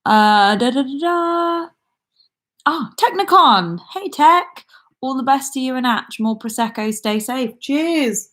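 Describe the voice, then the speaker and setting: A woman's voice: high voice, lively intonation, a little slow, fairly bright tone. A young woman chatting casually on her livestream, reading out viewer comments and rambling with frequent ums and little laughs. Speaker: YouTuber hosting a livestream. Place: indoors at home with a laptop.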